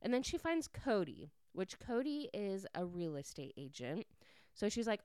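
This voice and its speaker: A woman's voice: medium pitch, sing-song, normal speed, darkish tone, clean tone, no room sound. A woman casually recapping a story plot to her viewers, chatty and full of "like" fillers.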